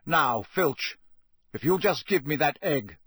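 A man voicing a gruff, suspicious old male wizard who mutters bluntly. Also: on the high side, animated, a little slow, a bit bright, dry recording, exaggerated voice. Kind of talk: audiobook character voice.

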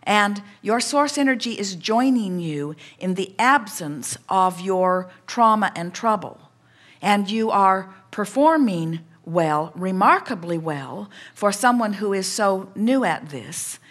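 A woman addresses a participant as a collective "we," her voice sitting at an ordinary middle pitch. She talks in a measured, reassuring coaching tone, steadily guiding the listener through each point. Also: expressive. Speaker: seminar speaker answering a participant. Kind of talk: speaking as a collective "we" in a spiritual seminar.

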